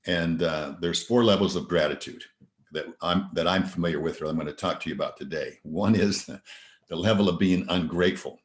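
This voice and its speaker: Deep-voiced man giving a motivational talk. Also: normal speed, roomy sound. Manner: earnest, storytelling, rhetorical questions. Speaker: motivational speaker. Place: virtual event presentation.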